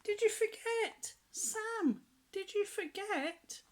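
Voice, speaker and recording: A woman voicing a big, hungry male elephant in a storybook, with a high, pleading, drawn-out voice. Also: animated, full character voice.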